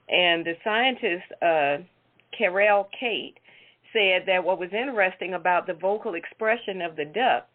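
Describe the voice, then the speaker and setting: A woman co-hosting a casual talk show, telling an odd news story in a chatty, amused way. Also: mid-range voice. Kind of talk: casual chat, reading weird news. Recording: tinny phone-like line.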